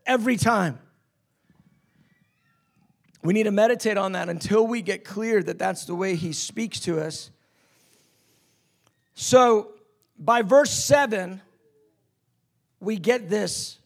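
High gravelly male preacher, passionate. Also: animated, slow, long pauses. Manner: passionate, acts out quoted lines, swings between loud and hushed. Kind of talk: sermon.

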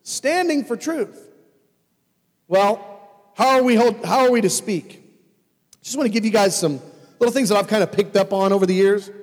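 A man preaching a sermon as pastor, animated and swinging between loud emphasis and hushed asides. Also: high voice, moderate pace, long pauses. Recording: long hall reverb.

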